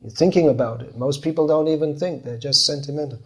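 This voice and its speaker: Guy with a gravelly voice giving a scripture class, chatty, acts out what people say back. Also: fairly high pitch, fast, fairly bright tone. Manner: conversational, acting out quoted replies. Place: class in Bangalore.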